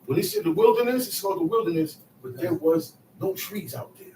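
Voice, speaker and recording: Captured by a far-off mic in an echoey space with faint noise, a man with a high, very animated, dark-toned voice talks fairly quickly. He's preaching through a scripture study with a small group, emphatic, acting out quotes and calling on those present.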